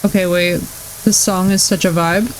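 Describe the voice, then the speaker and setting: A young adult woman streamer in casual live-stream chat, gushing and excitable as she talks to her chat. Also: on the low side, moderate pace, slight background noise, poor audio.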